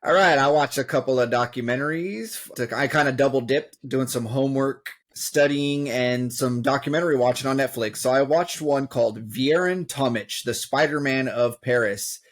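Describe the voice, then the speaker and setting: Man, podcast co-host, mid pitch, laid-back, casual film talk. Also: moderate pace, hardly any pauses. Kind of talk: casual movie review chat.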